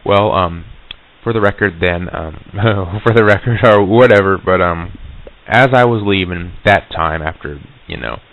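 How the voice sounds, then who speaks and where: A man recounting an eerie encounter in a halting, casual way, with many restarts and fillers. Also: low-pitched, a bit bright. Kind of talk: casual spoken recollection. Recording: tinny lo-fi old reel-to-reel tape.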